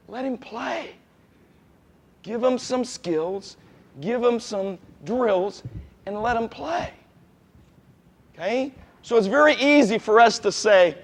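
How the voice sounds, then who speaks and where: Brief: animated high-voiced man as youth basketball coach, quizzing kids, long gym reverb. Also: unhurried. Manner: animated, asks the players questions, repeats key points. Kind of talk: coaching clinic instruction. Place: gym with players on court.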